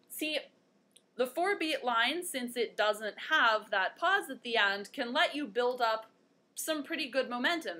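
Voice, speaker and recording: A woman's voice: mid-range voice, sharp tone. A young woman hosting a one-take video lesson, chatty and playful, joking at her own puns. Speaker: host.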